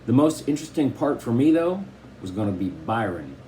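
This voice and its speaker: Reading fairly quickly, a man narrates a children's novel for an audiobook, storytelling expressively with a pitch that keeps shifting. The scripted reading carries slight background noise.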